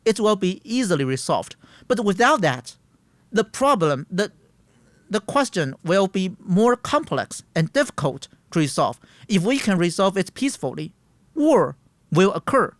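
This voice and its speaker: A man's voice: sits high, dry recording. Earnest man in his thirties. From Taiwan. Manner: earnest, emphatic, searching for words. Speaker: guest. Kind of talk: interview answers.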